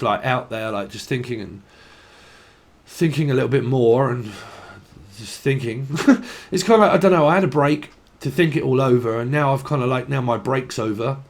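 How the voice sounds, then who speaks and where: A man's voice: mid-range voice, normal speed. A man giving a casual channelled tarot reading, rambling and free-associating, laughing often and swearing casually. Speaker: tarot reader.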